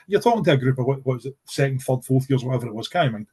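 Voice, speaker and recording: Speaking very fast and expressively, this podcast guest has a dark, breathy, mid-range voice and a Scottish accent. The middle-aged man from Scotland rambles through casual stories, full of fillers and restarts, clearly earnest about his topic.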